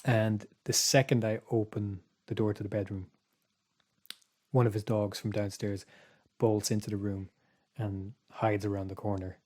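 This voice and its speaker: A man casually telling a spooky story on a podcast, rambling with restarts and dropping to a hush for his own thoughts. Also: lowish voice, level tone, normal speed. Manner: rambling, restarts, quiet asides when recalling his thoughts. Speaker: podcast co-host.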